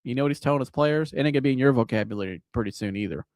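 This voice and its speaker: A man hosting a live sports reaction show, talking in an animated, casual, joking way with some swearing. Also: medium pitch, very fast, no echo, clean studio sound. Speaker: sports podcast host.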